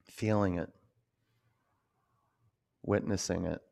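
A man teaching a yoga class, gently cueing breath and poses in a loose, conversational way. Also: deep voice, steady tone, slow pace, gravelly.

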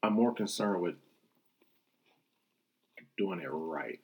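A man who is a pastor, chatting casually on a podcast, laughing easily and pausing to think aloud. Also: low voice, husky, rough recording. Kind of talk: casual chat.

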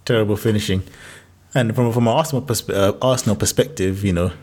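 A man co-hosting a football podcast in casual banter, animated and exasperated, laughing often. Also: on the low side, fast, husky. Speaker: podcast co-host.

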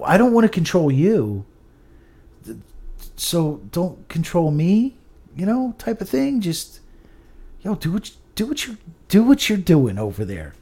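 Ranting, swearing man with a lively voice. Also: a little high. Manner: profane, ranting, stumbling restarts. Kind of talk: casual podcast chat.

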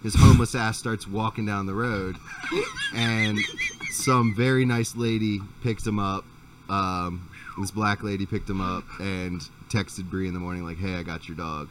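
Low-voiced man telling a profane story. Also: fairly even intonation, unhurried, far from the mic, background noise. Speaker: podcast host. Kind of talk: casual chat.

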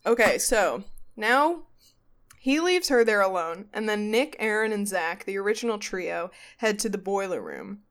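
A woman hosting a podcast in casual comedic chat, animated, swearing freely and acting out quotes. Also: mid-range voice, measured pace. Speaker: podcast host. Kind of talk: casual comedic chat recapping a ghost show.

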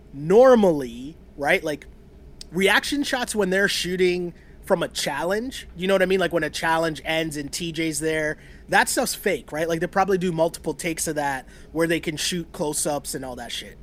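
Laughing, rambling man, slightly high voice. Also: moderate pace. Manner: rambling, laughs often, swears casually. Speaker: podcast co-host. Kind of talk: casual chat about a reality show.

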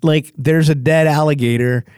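Animated storytelling man, dry close sound. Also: moderate pace, clean tone, dry recording. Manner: animated storyteller, mimics others in jumpy high voices. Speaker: podcast guest. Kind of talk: casual storytelling chat.

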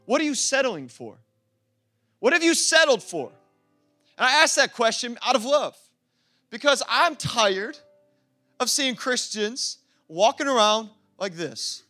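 A man preaching a lively sermon as pastor, laughing often and acting out quoted voices. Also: extremely high pitch, a little slow, pauses often, faint music behind. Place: church.

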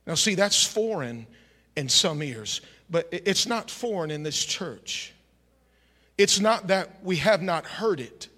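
A man preaching in a church with a very high, piercing, bright voice. He shouts with fiery fervor and tosses out exclamations, and the sound rings with long reverb from the hall. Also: lively intonation, slow pace. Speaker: pastor. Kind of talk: sermon. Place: church sanctuary.

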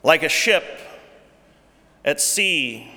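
A male pastor preaches slowly and deliberately, his voice bright and forceful, a little higher than most men's. He repeats questions to the congregation and drops from loud emphasis to near-hushed tones. A long reverb trails behind him as in a large hall. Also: lively intonation. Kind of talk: sermon.

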